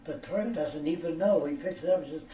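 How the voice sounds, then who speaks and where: Fairly quick and mellow, with a voice on the high side, an older American man answers questions in a private room. He rambles through stories in a lecturing, blunt, profane way, repeatedly making sure listeners understand. An echoey room, distant mic, and faint ambience mark the recording.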